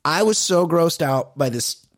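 Animated, profane male podcast co-host. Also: a little high, unhurried, dry recording, studio quality. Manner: animated, profane, exasperated storytelling. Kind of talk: casual chat.

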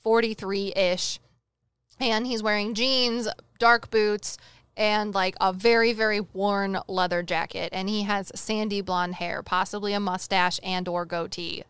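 A woman's voice: medium pitch, measured pace, clear, resonant tone, dry recording. A woman co-hosting a chat show as a psychic medium, telling a story with jokes and acting out the dialogue. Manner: animated, jokey, acts out dialogue in quotes. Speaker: podcast co-host, psychic medium.

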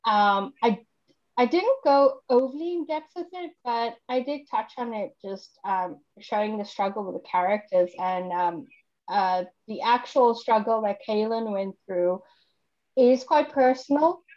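A woman's voice: on the high side, muffled recording. A woman from South Africa with a South African accent tinged British, a guest author talking in a bubbly way with many fillers. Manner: bubbly, fillers and quick laughs. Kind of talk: casual podcast interview.

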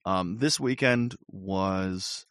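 Man, podcast co-host, low voice, casual rambling chat, laughs a lot, dry close sound. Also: extremely slow, clear, resonant tone, no echo. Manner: rambling, laughs often, lively impressions of others.

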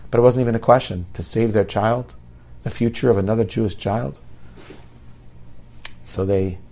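Brief: middle-aged male storyteller, low and gravelly, rapid delivery, animated. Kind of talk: oral storytelling.

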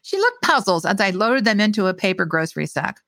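Woman author reading her story aloud, expressive, dry close mic. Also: mid-range voice, brisk, no echo. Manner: expressive reading, hesitant in chat. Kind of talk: storytelling reading, then casual chat.

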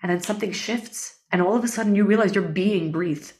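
A woman being interviewed as a guest, telling a personal story in an earnest, animated way. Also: medium pitch, fairly quick.

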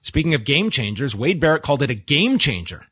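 A man giving a wry, casual recap of a wrestling show, with frequent "uh" pauses. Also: medium pitch, sing-song, pushed and bright, breathy edge, dry recording. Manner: dry, wry recap with hesitations.

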